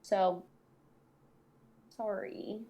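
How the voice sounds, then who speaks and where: A woman in her twenties, a sex educator hosting a podcast, chats casually in a blunt, sassy way with heavy swearing. Her voice is medium-pitched and steady, she speaks very slowly, and the recording's highs are cut off.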